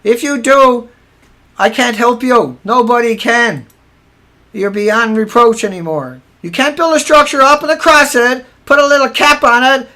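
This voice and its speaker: A man's voice: very high voice, pushed and bright. A man hosting a livestream, tired and angry, ranting sarcastically with swearing, repeating himself and restarting sentences. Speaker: livestream host.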